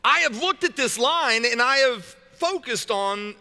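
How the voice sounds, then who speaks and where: High, bright-voiced pastor preaching in a hall. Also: male voice, animated, a little slow. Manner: conversational and joking, with many repeated restarts. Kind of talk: sermon.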